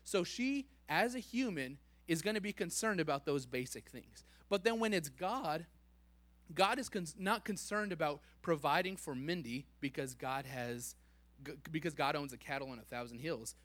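A man giving a playful, animated sermon, joking with the congregation and laughing at himself. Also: fairly high pitch, normal speed, no room sound. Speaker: preacher.

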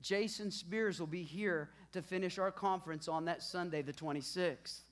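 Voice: mid-range voice, moderate pace. A pastor giving church announcements and a sermon, preaching emphatically and repeating lines with building force.

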